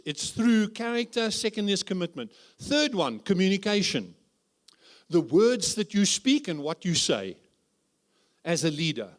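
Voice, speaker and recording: A man preaching as a guest speaker at a church conference, humorous and full of rhetorical questions. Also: high voice. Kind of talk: conference sermon.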